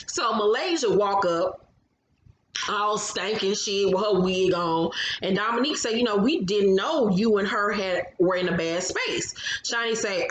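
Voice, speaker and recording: A woman's voice: mid-range voice, a little slow, roomy sound, a little hiss or hum, low-quality recording. A woman recapping a reality TV episode in a blunt, sassy, heavily profane casual chat, often mimicking the cast.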